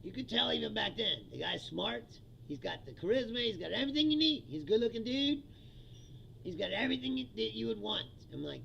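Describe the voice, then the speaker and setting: A man's voice: sits high, very animated, fairly quick, gravelly, pushed and bright, muffled recording, slight background noise. A man hosting his own livestream, ranting about politics in a heated, profane, laughing casual style. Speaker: livestream host.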